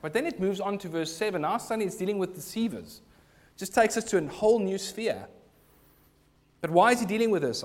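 Earnest male pastor preaching a sermon. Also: a little high. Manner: earnest preaching, rising to emphatic bursts. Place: church.

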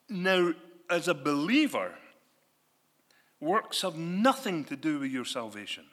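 Male preacher, lively conversational delivery, bright tone, reverberant hall. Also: a little high. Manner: animated, conversational preaching with rhetorical questions. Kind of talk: sermon.

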